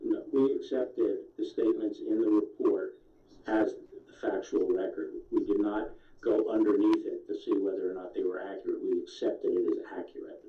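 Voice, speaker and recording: An older man answering questions as a witness at a hearing, measured and a little halting. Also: on the low side, steady tone. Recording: distant, echoey, phone-like hearing audio.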